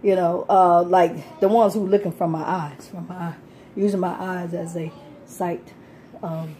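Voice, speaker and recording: A woman with a mellow, dark tone tells her story in a loose, rambling way. She laughs often, swears freely and keeps circling back on herself. A faint hum of background noise sits behind her voice. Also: on the low side, fairly even intonation, unhurried. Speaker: homeless person telling her story. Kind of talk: casual rambling street talk.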